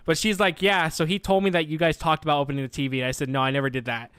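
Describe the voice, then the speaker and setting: In a dry, smooth recording, a young man who streams races through a casual, profane story in a fairly high voice. He acts out the quoted back-and-forth with plenty of animation.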